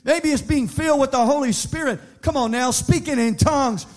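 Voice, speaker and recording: A man preaching a sermon, moving from shouted sing-song appeals to quieter, conversational teaching with frequent restarts. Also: very high-pitched, brisk. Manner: repeats words in restarts. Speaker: pastor.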